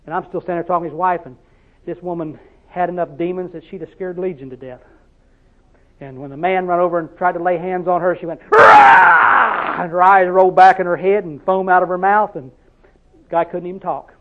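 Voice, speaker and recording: A man's voice: high-pitched, fairly even intonation, fast talker, phone-quality sound. A man preaching a sermon in a conversational, storytelling way, driving each point home with repeated questions to the listeners.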